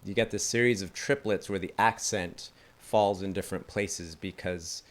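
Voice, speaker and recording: Speaking at a moderate pace, this man has a deep voice with fairly even intonation. His didgeridoo lesson is casual and enthusiastic, full of chat and laughter whenever he slips up.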